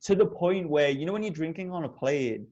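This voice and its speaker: Animated sweary podcast host. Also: male voice, on the high side, brisk, muffled recording. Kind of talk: casual chat.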